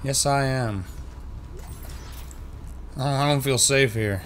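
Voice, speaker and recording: A man's voice: mid-range voice, slow pace, long pauses. A young man hosting a casual let's-play, joking along and yelping when startled. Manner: jokey and jumpy, yelps and shouts when startled. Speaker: gaming channel host.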